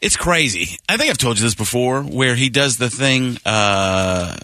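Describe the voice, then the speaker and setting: A man's voice: mid-range voice, very animated, measured pace, sharp tone, no echo, clean studio sound. A man in his late forties, a comedian guest bantering playfully on a radio show. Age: 40s.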